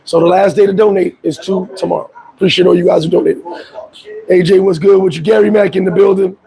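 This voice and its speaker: A hoarse man hosting a casual live chat, laid-back, shouting out viewers by name. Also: high-pitched, steady tone, fast, poor audio. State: hoarse, voice worn out. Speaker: livestream host.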